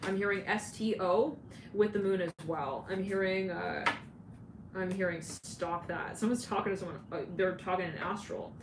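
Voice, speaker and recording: A woman's voice: medium pitch, moderate pace. Giggly rambling woman reading tarot. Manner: giggly, rambling, laughs often. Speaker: tarot reader. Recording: roomy, distant mic with clear background noise.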